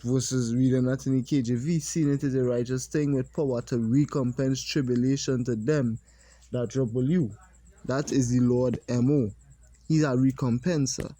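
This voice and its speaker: A man teaching a religious lesson, reading scripture slowly and deliberately and pausing to comment. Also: mid-range voice, fairly even intonation, mellow, no echo.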